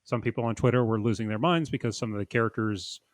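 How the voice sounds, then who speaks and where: A man co-hosting a podcast in casual chat, laughing easily and filling pauses with ums as he reads listener comments. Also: fairly low pitch, no room sound. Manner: chatty, laughing easily, halting fillers. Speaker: podcast co-host.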